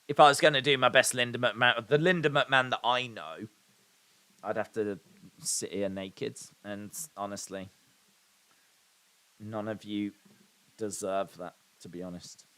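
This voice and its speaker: A man's voice: fairly low pitch, measured pace, pauses often, bright, forceful tone. A man hosting a live watch-along, calling the action and reading viewer comments aloud with dry, sarcastic humour. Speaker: live stream host reacting to wrestling.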